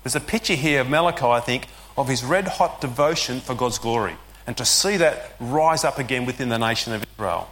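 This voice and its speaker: A man's voice: mid-range voice, animated, fairly quick, a bit bright. A man preaching a sermon as pastor, conversational and explanatory with casual fillers.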